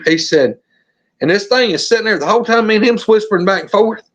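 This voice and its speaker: High-voiced Southern storyteller man. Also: fast talker, dull audio. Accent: Southern American. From Alabama, USA. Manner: animated, acts out the scenes. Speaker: podcast guest. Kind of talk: storytelling in a podcast interview.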